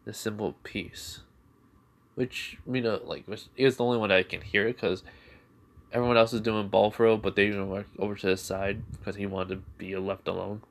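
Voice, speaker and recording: A man's voice: lowish voice, little pitch movement, moderate pace. A man casually retelling a fan-made story, rambling along with plenty of "like" and "you know".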